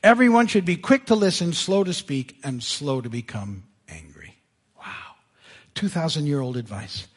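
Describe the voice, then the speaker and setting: Male pastor, lively pitch, somewhat husky; chatty, self-amused sermon delivery. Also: normal speed. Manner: conversational, animated, laughs at himself. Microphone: live sermon mic. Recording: church service audio.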